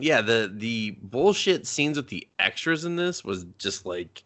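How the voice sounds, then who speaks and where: A man's voice: mid-range voice, sing-song, unhurried, fairly bright tone. A young adult man co-hosting a movie review podcast, recapping scenes in profane, joking banter and slipping into silly voices. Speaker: podcast co-host.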